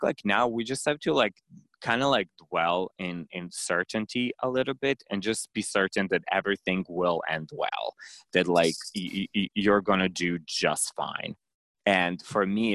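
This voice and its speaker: A man's voice: deep voice, a bit bright, no room sound. A man hosting a podcast in casual chat, talking in a rambling way full of fillers and stutters. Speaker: podcast host.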